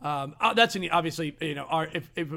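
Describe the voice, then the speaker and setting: A man's voice: a little high, lively intonation, vocal fry, bright, forceful tone. An American man in his forties, co-hosting a casual podcast in an easygoing way, often restarting his sentences. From United States. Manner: easygoing, halting with many restarts. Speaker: podcast co-host. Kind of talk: casual chat.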